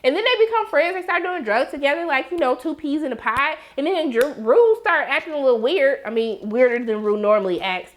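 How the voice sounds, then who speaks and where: A woman with a high voice talks through a TV episode in casual chat. She is animated and slangy, and she acts out bits of the scenes as she goes. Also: fairly quick, few pauses. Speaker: TV show reviewer.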